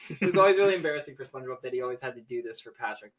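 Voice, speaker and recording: A man's voice: mid-range voice, expressive, racing, dull audio. A young man casually reading a story aloud with friends, laughing and swearing.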